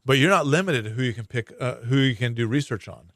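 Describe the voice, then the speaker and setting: A man's voice: mid-range voice, quick pace, a bit bright, dry recording, studio quality. A man speaking as a prosecuting attorney guest in a casual radio interview, explaining at length with many fillers and restarts. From Hawaii. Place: radio studio.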